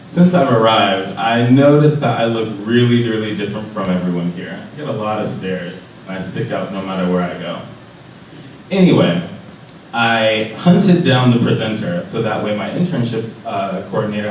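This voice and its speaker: A man's voice: mid-range voice, recorded from a distance, slight background noise. Young man reading a diary aloud in an echoey hall. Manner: lively reading, puts on voices for quoted people. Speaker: storyteller at a live event. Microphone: distant from the microphone.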